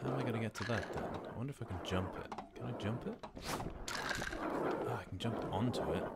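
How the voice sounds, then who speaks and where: A man's voice: lowish voice, a little fast, heavy background noise. A middle-aged man with a sweary, joking way of talking to himself as he comments on a game he is playing. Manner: sweary, jokey, talks to himself. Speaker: let's play host. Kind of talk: casual gameplay commentary. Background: background game music.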